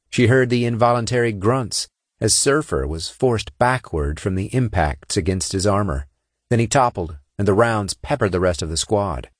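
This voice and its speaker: A man narrating a science-fiction audiobook with expressive storytelling and character voices. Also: lowish voice, no room sound, studio quality.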